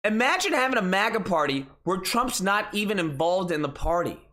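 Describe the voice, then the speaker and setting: Male commentary host, lively pitch, exasperated and profane, mocking tone. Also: fairly quick. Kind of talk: casual ranting commentary.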